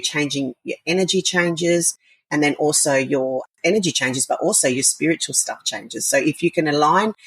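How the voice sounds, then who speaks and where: A woman's voice: deep voice, a bit bright, slightly rough, no echo, poor audio. A woman, speaking as a podcast guest in an enthusiastic, rambling way. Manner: enthusiastic, rambling, frequent fillers and laughs. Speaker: podcast guest, wellness coach. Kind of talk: casual interview chat.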